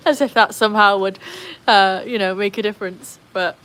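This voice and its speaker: A British woman hosting a casual livestream by her backyard pool, chatting and laughing often, cooing at her dogs in a high voice. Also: fairly even intonation, moderate pace, few pauses, a bit bright. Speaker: livestream host.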